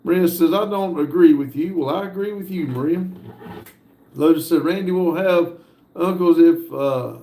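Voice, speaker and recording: A man hosting a casual livestream, reading viewer messages aloud in an unhurried way, with frequent fillers and chuckles. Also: on the high side, dark tone, echoey room. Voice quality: laid-back, chuckles often between messages. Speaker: livestream host.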